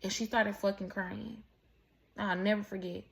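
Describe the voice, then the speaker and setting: A woman's voice: medium pitch, level tone, moderate pace, gravelly, fairly bright tone. A woman telling a personal story in a candid, profane, rambling way, full of restarts and asides. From Mexican heritage. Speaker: vlogger. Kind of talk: casual storytelling monologue.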